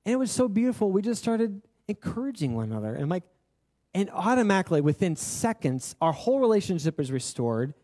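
A man's voice: high-pitched, sing-song, fast talker, mellow. A young man preaching a sermon, telling a personal story in an earnest, conversational way with lots of filler words. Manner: earnest and confessional. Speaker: pastor.

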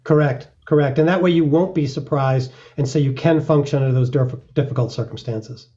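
A man's voice: mid-range voice, fairly quick, warm tone. Earnest man with a dull lo-fi sound. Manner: earnest, explains with acted-out examples. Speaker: mountaineer guest. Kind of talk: reflective interview talk.

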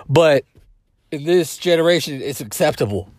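A man's voice: low voice, steady tone, a little slow, a little mellow, no room sound. A man hosting a podcast, talking in a blunt, profane, rambling monologue full of fillers and restarts. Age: adult parent. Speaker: podcast host. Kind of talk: casual monologue.

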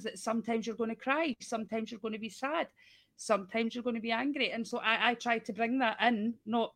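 A woman on a podcast talking candidly about her own life, leaning a lot on casual fillers. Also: a little high. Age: adult with an eight-year-old daughter. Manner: candid, personal, heavy use of fillers like "like" and "you know". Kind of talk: casual conversation.

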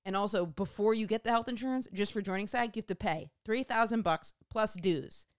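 A woman telling a rambling, profane comic story in a casual monologue, going off on animated tangents. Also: medium pitch, fairly quick, dry recording, studio quality.

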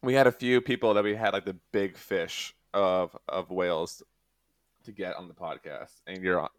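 A man's voice: deep voice, fairly even intonation, normal speed, dry recording, studio quality. A man co-hosting a podcast in casual chat, loose and stumbling over his words. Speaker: podcast co-host.

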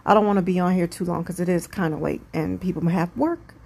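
A woman's voice: lowish voice, fairly even intonation, fast talker, creaky, a little mellow, husky. A woman hosting her own podcast, talking alone at home late at night in a rambling, chatty, self-aware way. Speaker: podcast host. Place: home room with windows open.

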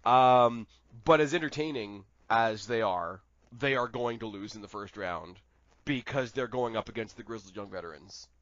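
A man co-hosting a podcast in casual wrestling chat, animated and rambling, swearing freely. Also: on the low side, normal speed, dry recording, dull audio. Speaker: podcast co-host.

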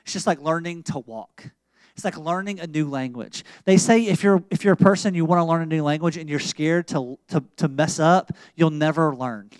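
Pastor, male, fairly high voice, dry close sound; animated, slangy sermon delivery. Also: moderate pace, smooth, no room sound. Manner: animated preacher, swings from loud and emphatic to quiet and intimate; casual slangy storytelling.

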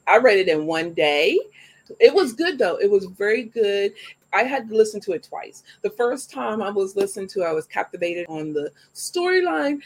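A woman's voice: on the low side, darkish tone. A woman hosting a live show, chatting in an upbeat way and talking straight to her audience before asking her guest questions. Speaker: show host. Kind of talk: live show interview chat.

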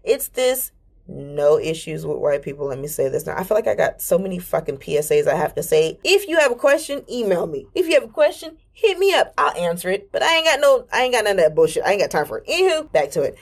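A woman hosting a podcast, talking frankly and profanely about her spiritual journey in animated storytelling. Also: lowish voice, fast talker, hardly any pauses, breathy edge. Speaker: podcast host. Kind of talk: casual spiritual monologue.

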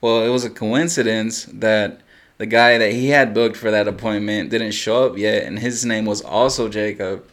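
A man's voice: on the low side, normal speed. A young man on a casual podcast, telling a story with plenty of swearing, acting out the quotes and laughing as he goes. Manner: animated storyteller, swears freely, acts out quotes, laughs often. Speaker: podcast co-host.

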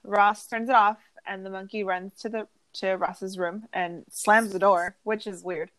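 A woman's voice: medium pitch, measured pace, poor audio. A woman hosting a podcast, chatting casually and recapping an episode, often laughing through her stories. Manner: laughs often, animated storytelling. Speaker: podcast host.

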